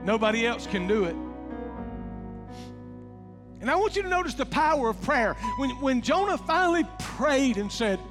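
Male pastor, high-pitched, lively sermon delivery, churchy reverb. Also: normal speed, pauses often. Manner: animated preaching, drops to soft hushed tones for quoted words. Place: church sanctuary. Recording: long hall reverb, faint music.

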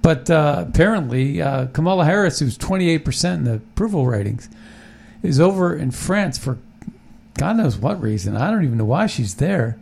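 A man's voice: on the high side, lively intonation, normal speed, vocal fry, a little mellow. A man hosting a talk show, chatting casually and opinionatedly about politics, rambling with many restarts. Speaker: podcast host.

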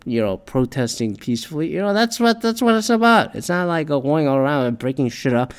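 A man's voice: on the high side, animated, brisk, smooth. A man ranting in a casual, profane, rambling monologue, full of restarts and swearing. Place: Detroit area.

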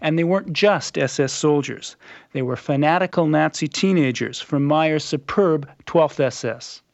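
A man reading scripted documentary narration in a measured, dramatic storytelling manner. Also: on the high side, dry recording. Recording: muffled lo-fi radio recording.

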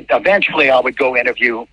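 Husky man from New Orleans. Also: medium pitch, animated, brisk, sharp tone, no echo. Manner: rambling, repeats and restarts words. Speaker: TV sportscaster. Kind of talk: anecdotal interview storytelling. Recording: dull lo-fi, dry.

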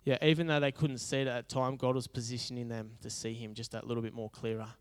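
A man's voice: medium pitch, level tone, quick pace, smooth. A male pastor preaching a conversational, humorous sermon that builds into emphatic repetition.

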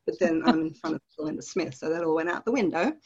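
A woman from Australia with an Australian accent, telling stories from her past as a guest in an interview with animated, vivid detail. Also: sits low, fast talker, breathy edge, highs cut off. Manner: animated, vivid storytelling with laughs. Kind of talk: storytelling in a podcast interview.

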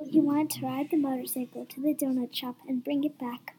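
High-voiced young woman reader, lively delivery, noisy room. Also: fairly quick. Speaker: story reader. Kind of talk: reading a story aloud.

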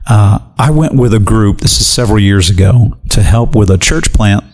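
A man's voice: lowish voice, normal speed, soft background music. A man, a guest on a radio program, telling a personal story and acting out what people said. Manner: animated storyteller, acts out quotes. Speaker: guest evangelist. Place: radio studio.

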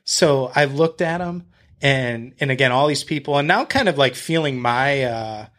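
A man's voice: mid-range voice, moderate pace, a bit bright. A man guest on a podcast, telling a story in casual chat, blunt and profane. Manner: blunt and profane, retelling a confrontation; talks to the host with fillers and restarts.

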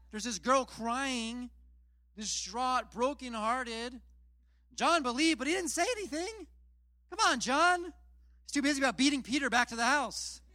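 A man's voice: very high voice, sharp tone, no room sound, studio quality. A man preaching a casual sermon, retelling scripture in plain, chatty storytelling with self-deprecating asides. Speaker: pastor.

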